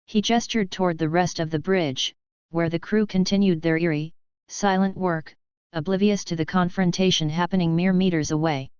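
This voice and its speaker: A woman narrating a fan fiction story in a steady, even reading voice. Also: lowish voice, moderate pace, clear, resonant tone, dry recording, muffled recording.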